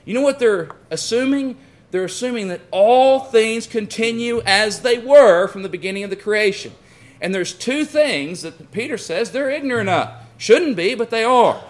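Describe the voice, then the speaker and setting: A man preaching a sermon in a folksy, storytelling way, calling his listeners friends and pressing his points with rising and falling force. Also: sits high. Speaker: pastor.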